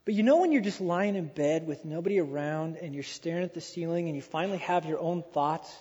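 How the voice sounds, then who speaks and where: Husky-voiced preacher in a big hall. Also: male voice, fairly high pitch, brisk. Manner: animated, acts out quoted voices, repeats phrases for emphasis. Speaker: pastor. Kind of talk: sermon. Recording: dull lo-fi sound with long hall reverb.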